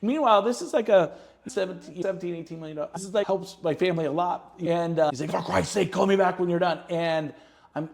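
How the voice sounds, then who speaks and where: A middle-aged man, a real estate agent on a podcast, telling lively stories and acting out the people in them. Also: sits high, fast, creaky. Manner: lively, acts out quotes in his stories. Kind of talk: animated storytelling in an interview.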